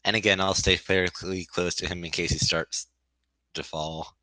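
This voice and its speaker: A man playing in an online tabletop game, measured and matter-of-fact in casual chat. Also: low-pitched, flat delivery, pushed and bright, dry recording. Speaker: player. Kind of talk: casual role-play chat.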